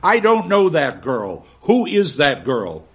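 A man's voice: a little high, very animated, moderate pace, fairly bright tone. A man reading aloud as a stern, pompous male schoolmaster obsessed with facts, in an emphatic, commanding way. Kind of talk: dramatic reading of a novel.

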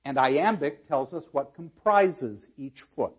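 A man's voice: a little high, expressive, slow pace, husky, dull audio. A man giving a university lecture on a play, explaining verse and reading lines aloud with dramatic emphasis. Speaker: literature lecturer.

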